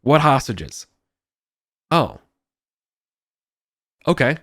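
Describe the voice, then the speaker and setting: A man doing cursing rough mercenary guards. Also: mid-range voice, big pitch swings, drawn-out words, a bit bright, dry recording, clean studio sound, voice pushed up, full character voice. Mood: conspiratorial. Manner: swearing, confused, pushy. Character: rough, foul-mouthed male mercenary guards.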